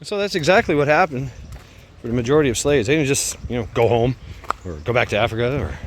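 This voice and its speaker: A man's voice: mid-range voice, animated, quick pace, a little hiss or hum. A man telling a casual story, rambling and swearing, with lots of fillers, restarts and frequent laughs. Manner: laughs often while telling.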